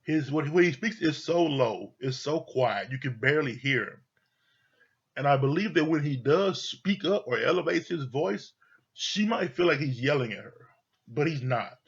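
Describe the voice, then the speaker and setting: A man's voice: a little high, expressive, moderate pace, husky. A man giving casual, opinionated commentary on a reality show, blunt and profane, often repeating himself. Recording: dull lo-fi audio.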